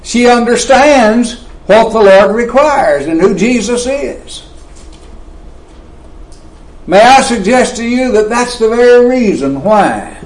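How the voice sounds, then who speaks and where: Slow, emphatic male preacher in a roomy space. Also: creaky. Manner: slow and emphatic, with wide swings of pitch and loudness. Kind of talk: sermon.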